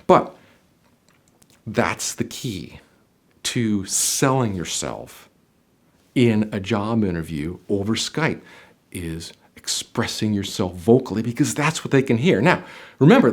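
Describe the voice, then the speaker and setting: A man coaching viewers on job interviews, talking straight to the camera, swinging his voice up and down and dropping soft for emphasis. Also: mid-range voice, creaky. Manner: animated, varies loudness and softness for demonstration. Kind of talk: instructional video talk to camera. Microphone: on camera, speaking to viewer.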